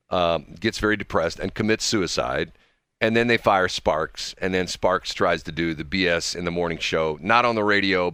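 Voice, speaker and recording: A man co-hosting a morning radio show, chatting casually and rambling through animated stories. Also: deep voice, clean tone, dry recording, studio quality. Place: radio studio.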